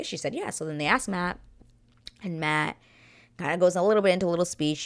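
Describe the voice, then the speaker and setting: A woman hosting her own channel, chatting casually as she retells a reality show episode, quoting people in an animated way. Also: fairly low pitch, brisk. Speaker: reaction channel host.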